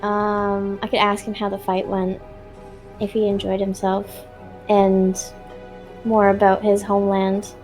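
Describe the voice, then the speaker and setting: A young woman playing in a tabletop game, chatty and quick to laugh. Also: mid-range voice, completely flat delivery, darkish tone, faint music behind. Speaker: player. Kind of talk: casual tabletop play.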